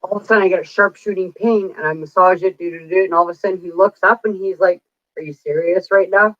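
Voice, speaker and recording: A woman in her forties, a psychic streamer, rambles chattily through casual stories and plays out what people said. She talks quickly in a lowish voice with fairly even intonation. The recording sounds dull, lo-fi and dry, with no echo.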